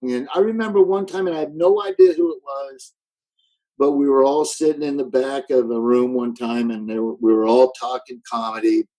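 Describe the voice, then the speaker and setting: A comedian guest talking remotely in casual chat, ranting emphatically. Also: male voice, mid-range voice, steady tone, normal speed, warm tone, low-quality recording. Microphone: remote call.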